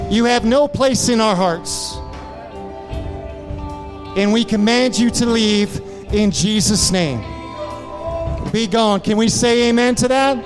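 A male pastor preaching with fervent, repeated exhortations during a church service. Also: very high voice. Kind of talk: sermon.

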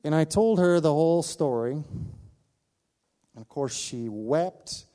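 Male pastor, slightly high voice, lively storytelling sermon, voices the people in his story. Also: takes it slowly. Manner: animated, acts out quotes, laughs at himself.

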